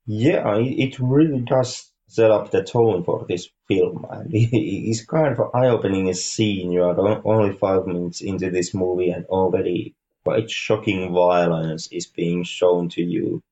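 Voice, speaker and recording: A man co-hosting a podcast, reviewing a film in casual chat, halting and repeating words, with dry dark humor. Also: low-pitched, fairly even intonation, dull audio. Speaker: podcast co-host.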